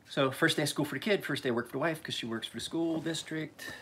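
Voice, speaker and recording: A man's voice: a little high, quick pace, fairly bright tone, husky. A man hosting a casual live stream, rambling in a laid-back way, swearing freely and laughing often.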